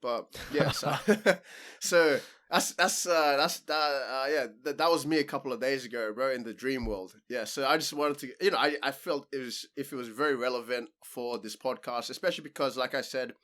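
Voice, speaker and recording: A man's voice: mid-range voice, a little fast, few pauses, pushed and bright. A man co-hosting a casual podcast, laughing often and swearing freely as he tells a story. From Australia. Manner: loose, laughing, swears a lot. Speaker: podcast co-host. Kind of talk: casual chat. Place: home.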